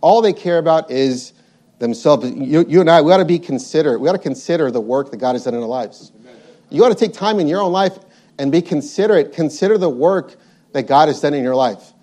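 A man's voice: a little high, expressive, fast, mellow. A man preaching a sermon, reading scripture aloud and repeating his points with emphasis.

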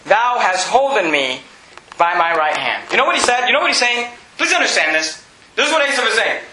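A man preaching to his congregation, his voice high and ringing bright. He builds up from plain talk to fervent shouting. The sound carries the echo of a church room, with a faint hiss underneath. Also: very animated, fairly quick. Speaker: pastor. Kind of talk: sermon.

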